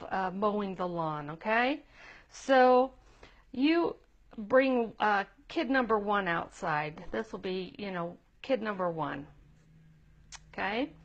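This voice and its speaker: A woman giving a chatty, casual lesson on a live stream and checking in with her viewers, on dull lo-fi audio. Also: mid-range voice.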